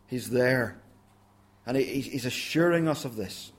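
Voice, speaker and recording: A man delivers an earnest, direct sermon in a church, his medium-pitched voice moving at a measured pace and growing softer whenever he speaks God's words to the congregation. The recording carries a roomy church echo.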